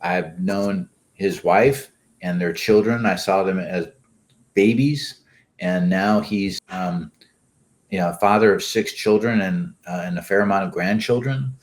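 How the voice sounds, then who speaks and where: An older man speaks in a lowish voice, talking in a loose, rambling way. He keeps restarting his sentences and leaning on fillers as he chats with a host. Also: unhurried. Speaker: guest. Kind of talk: casual interview talk.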